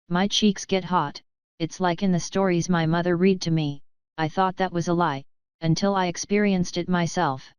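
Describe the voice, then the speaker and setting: A woman's voice: on the low side, fairly even intonation, moderate pace, clear, resonant tone, no echo. A woman narrating a first-person audio novel, often flustered and breathless in her inner monologue.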